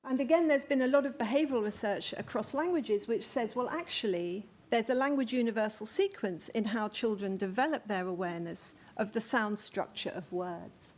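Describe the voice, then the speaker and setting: A woman's voice: a little high, normal speed, hardly any pauses. A woman, speaking, gives a conference talk. She explains things carefully, with some fillers and restarts. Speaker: lecturer. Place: conference venue.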